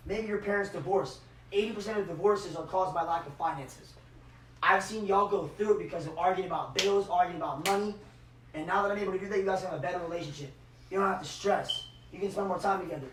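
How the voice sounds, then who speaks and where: Motivational speaker, male, high voice, hype delivery with hushed emotional dips, miked from a distance in a reverberant hall. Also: a little fast, a little hiss or hum. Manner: hype, swings from shouting to hushed emotional tones. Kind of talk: motivational speech with guided visualization.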